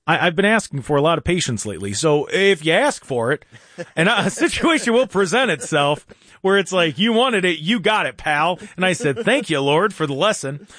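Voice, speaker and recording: A man's voice: a little high, big pitch swings, brisk, fairly bright tone, dry recording, studio quality. A man hosting a casual talk show, chatting in a rambling way with many restarts and fillers. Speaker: show host. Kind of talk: casual live-stream show chat.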